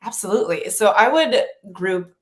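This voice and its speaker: A woman from Nigeria, a college professor, telling personal stories as a guest in a casual conversation, expressive and lively as she recounts them. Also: medium pitch, normal speed. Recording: roomy echo.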